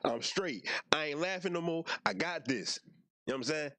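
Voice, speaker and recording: Laid-back young man with lively pitch. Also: moderate pace, no echo, studio quality. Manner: slangy, laid-back, self-talking. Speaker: YouTuber. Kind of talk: casual reaction commentary.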